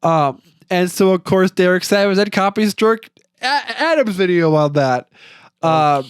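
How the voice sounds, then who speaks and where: A man's voice: sits high, expressive, a little slow, clean tone, dry recording, studio quality. A young man co-hosting a casual podcast, rambling and stammering through many restarts. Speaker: podcast co-host. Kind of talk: casual chat.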